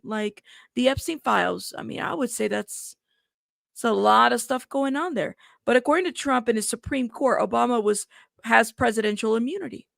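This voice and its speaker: Chatty woman commentator with gravelly voice. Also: fairly high pitch, a bit bright, dry recording, studio quality. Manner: chatty, reacts aloud while reading news. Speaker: news commentary host. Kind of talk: casual political commentary.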